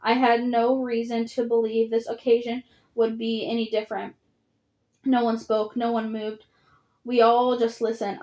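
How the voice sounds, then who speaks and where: A woman reading a children's novel aloud in first-person narration, even and measured. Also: a little high, poor audio. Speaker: audiobook reader.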